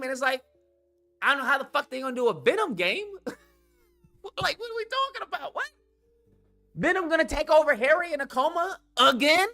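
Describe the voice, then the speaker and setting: A man ranting in casual chat, reading chat comments aloud, animated and profane, repeating himself for emphasis. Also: sits high. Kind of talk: heated casual rant.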